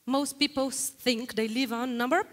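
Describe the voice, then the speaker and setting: A woman from Brazil with a Brazilian Portuguese accent, giving a lively guest lecture in a hall and putting frequent questions to the audience. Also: sits high, normal speed. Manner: animated, questions the audience often.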